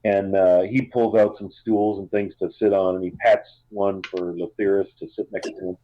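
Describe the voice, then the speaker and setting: A man's voice: low voice, flat delivery, normal speed, no room sound. A man running a tabletop game as game master, describing the scene loosely with lots of fillers. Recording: dull lo-fi sound.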